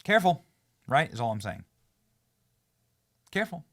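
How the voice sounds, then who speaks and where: A man hosting a political commentary show, talking excitably with sarcastic asides. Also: normal speed. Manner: excitable, sarcastic, swings between loud outbursts and low asides.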